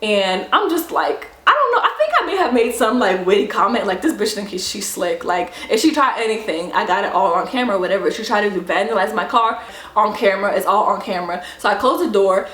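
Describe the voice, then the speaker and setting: A woman rideshare driver telling a story to the camera in a sassy, profane, animated way. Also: mid-range voice, fast, echoey room.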